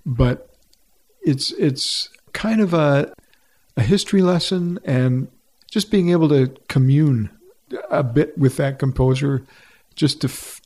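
An older man, a retired orchestra musician, telling stories in a relaxed interview with many restarts. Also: mid-range voice, vocal fry. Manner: reflective storytelling with frequent restarts. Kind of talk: conversational interview.

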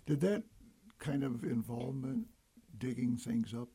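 A man's voice: mid-range voice, expressive, measured pace, creaky, warm tone, husky, no echo. A man from Detroit hosting an interview, asking questions and thanking his guest often. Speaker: talk show host. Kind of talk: interview host.

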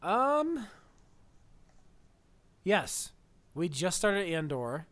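A man's voice: high voice, sing-song, extremely slow, crowd noise. A man co-hosting a podcast, chatting casually about films in a rambling, digressive way and laughing often. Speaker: podcast co-host. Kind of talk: casual film chat.

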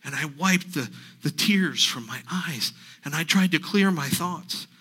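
A man, a pastor, voicing a grieving woman disciple in a first-person dramatic sermon monologue, halting and repeating himself as he retells. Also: a little high, animated, bright, forceful tone, slightly rough, full character voice, rough recording. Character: grieving woman disciple recounting the empty tomb.

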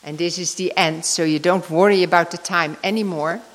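Giving a devotional talk in a big, reverberant hall, an older woman shares a heartfelt personal story in a sermon and then leads a soft prayer. Her voice is lowish, with fairly even intonation at normal speed.

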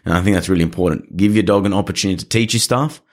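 Man coaching on calm dog walking. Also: low voice, racing. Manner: earnest, coaching, acts out little scenes. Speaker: dog trainer. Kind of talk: casual podcast conversation.

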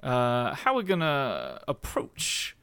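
A man's voice: mid-range voice, wildly swooping pitch, slow, a bit bright. A man playing a tabletop game, joking and playful. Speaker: player. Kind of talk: casual tabletop play.

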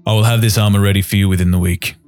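A man voicing a proud male dwarf master smith who speaks formally, with a lowish voice. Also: fairly even intonation, a little mellow, no room sound, faint music behind, natural voice. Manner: formal, measured bargaining.

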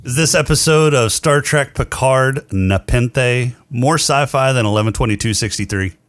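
A man's voice: mid-range voice, normal speed, slight background noise. A man hosting a casual podcast chat, steering with short questions. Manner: brief, moderating questions. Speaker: podcast host.

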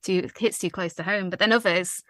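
A woman's voice: on the low side, fairly even intonation, brisk, fairly bright tone, no echo. A woman interviewing a guest on a podcast, an enthusiastic fan who chats and digresses. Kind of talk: casual interview.

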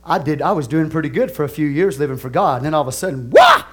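Animated preacher, higher-pitched man. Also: very fast, slightly rough. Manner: animated, swings from soft asides to loud exclamations; laughs and asks the congregation questions. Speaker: pastor. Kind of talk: sermon.

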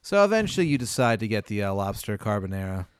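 Lively, rambling male storyteller. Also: lowish voice, fast talker, smooth, dry recording, clean studio sound. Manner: rambling, full of "like" and "uh". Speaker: podcast host. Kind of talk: comedic hypothetical storytelling.

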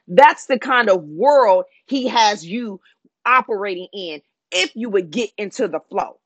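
A woman's voice: on the high side, moderate pace, dry recording. Emphatic woman preaching a sermon. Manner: repetitive, declaring, emphatic.

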